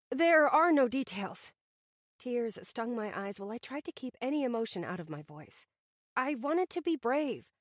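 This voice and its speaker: A woman's voice: on the high side, a little mellow, dry recording. A woman narrating a first-person romantic comedy audiobook in a wry, self-conscious manner, from a studio booth on a close mic.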